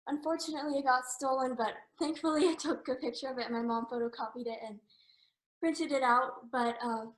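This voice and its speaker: A woman's voice: sits high, fairly even intonation, brisk. A young woman, an art student, presenting her own artwork in a casual, hesitant way, with frequent ums and a little out of breath. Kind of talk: casual showcase talk. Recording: echoey room.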